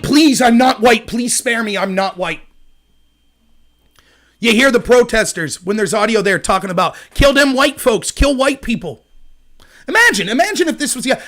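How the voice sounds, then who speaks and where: A man hosting a live-streamed political commentary show, talking in an animated, indignant rant. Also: sits high.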